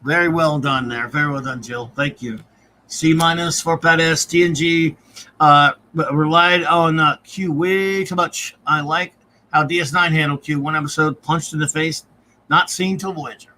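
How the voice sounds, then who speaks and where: A man's voice: on the high side, fairly even intonation, normal speed, pushed and bright, slight background noise. A man hosting a casual live-stream review, reading out viewer comments and grades and chuckling often. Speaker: podcast host.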